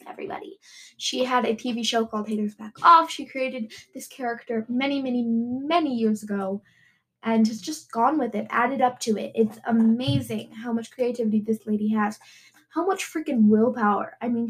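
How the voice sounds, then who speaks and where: Bubbly high-voiced young woman host. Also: rough recording. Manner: bubbly, giggly, rambling asides. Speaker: podcast host. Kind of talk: casual solo podcast chat.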